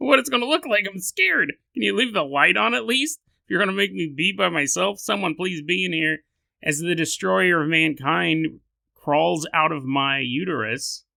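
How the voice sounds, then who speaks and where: A man's voice: lively intonation, takes it slowly, gravelly, bright, forceful tone, heavily acted. A man doing a shrieking hysterical woman. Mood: scared. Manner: high shrieking falsetto, crying and wailing. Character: shrieking frantic woman patient, terrified of giving birth. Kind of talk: comedic storytelling.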